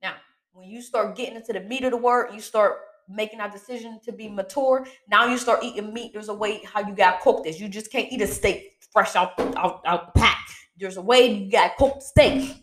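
Animated woman preaching in an echoey room. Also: mid-range voice. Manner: animated, repeats herself, asks "okay?" often; slangy, down-to-earth. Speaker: host of a small ministry podcast. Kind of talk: casual preaching chat.

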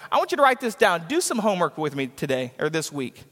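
A man's voice: high voice, big pitch swings, fast talker, few pauses, pushed and bright. A man preaching a sermon as a pastor, driving points home with repetition and acting out the people he quotes. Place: church sanctuary. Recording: church hall reverb.

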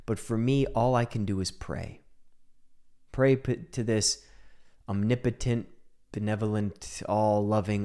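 A man telling a personal story into a microphone, shifting between hushed whispers and emphatic outbursts. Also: on the low side. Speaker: speaker on mental health.

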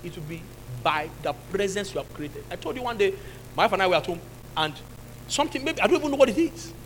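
Animated Nigerian male pastor preaching. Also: sits high, quick pace, a little hiss or hum, rough recording. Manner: animated preaching, shouting at the devil, laughing with the congregation. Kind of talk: sermon.

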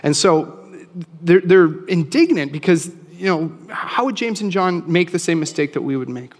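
Male pastor, chatty animated preaching, slightly high pitch, reverberant hall. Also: normal speed. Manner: casual, animated, acts out quoted voices. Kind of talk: sermon.

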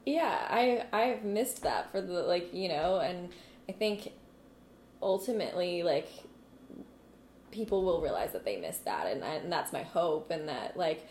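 A woman hosting a podcast, chatting casually with frequent short affirmations and halting, searching sentences. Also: on the low side, expressive, darkish tone. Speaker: podcast host. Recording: roomy echo with faint background noise.

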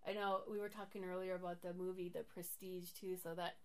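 A woman's voice: lowish voice, little pitch movement, brisk, darkish tone, smooth. A woman co-hosting a casual podcast chat, laughing often as she shares facts. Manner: giggly, laughs often while reading out facts. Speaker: podcast co-host.

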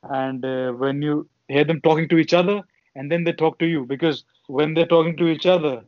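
Chatty young man, fairly high voice. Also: fairly even intonation, brisk, dry recording. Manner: meandering, chatty explanations. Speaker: podcast co-host. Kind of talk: casual chat. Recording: dull lo-fi sound.

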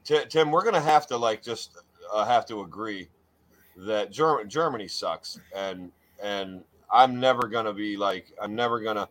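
A man's voice: lowish voice, moderate pace, a bit bright, low-quality recording. A man hosting a casual talk show, hamming up grand introductions and repeating his words. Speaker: podcast host. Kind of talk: casual chat.

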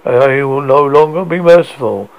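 A man voicing a grave, vengeful sea king who speaks slowly and menacingly. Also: mid-range voice, dull audio, natural voice.

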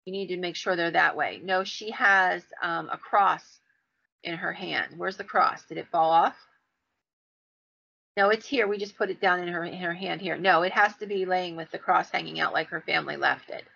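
A man's voice: sits high, fairly even intonation, normal speed, gravelly, pushed and bright, full character voice. A woman doing a fussy, exacting man checking every detail. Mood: insistent. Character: meticulous male grave relocation overseer. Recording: dull lo-fi sound.

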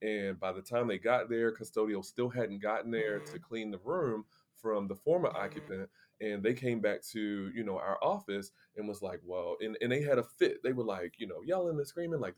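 A man co-hosting a podcast, telling a story in a lively, conversational way and acting out the people he quotes. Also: lowish voice, a little fast. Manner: animated, acts out quoted people. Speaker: podcast co-host. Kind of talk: casual storytelling chat.

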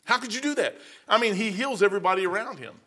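A man's voice: high-pitched, pushed and bright. A man in his fifties or older giving an informal sermon as a preacher, rambling and conversational, losing his place in his notes and acting out the people in his stories. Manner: acts out the people in the stories with quick changes of voice.

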